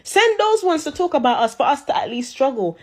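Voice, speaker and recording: Fairly high-voiced woman, sassy, mocking roast rant. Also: sing-song, fairly quick. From Jamaica. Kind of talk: social media rant.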